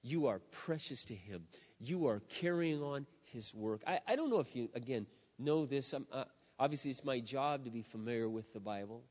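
A middle-aged man preaching a sermon as a pastor, with emphatic, drawn-out stresses and swings from loud to hushed. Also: medium pitch, lively intonation. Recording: echoey hall, dull lo-fi sound.

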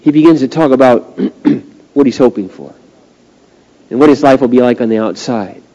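A male pastor preaching a sermon, swinging from hushed, slow passages to loud, drawn-out climaxes. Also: medium pitch, dull audio. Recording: long reverb of a large hall.

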